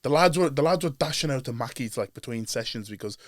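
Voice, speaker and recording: A man's voice: mid-range voice, expressive, no room sound. A young man with an Irish accent, hosting a casual podcast chat and telling stories. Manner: chatty, quick storytelling with laughs. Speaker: podcast host, rugby player.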